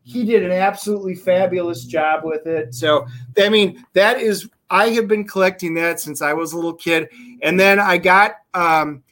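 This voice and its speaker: A man on a talk show as a guest, telling animated stories over a video call. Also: sits high, moderate pace, hardly any pauses. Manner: animated storytelling. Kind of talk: casual chat.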